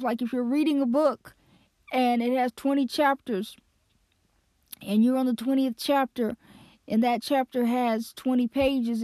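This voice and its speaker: A woman's voice: fairly high pitch, darkish tone, no echo. Earnest woman teaching the Bible. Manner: earnest, slows down to stress key words.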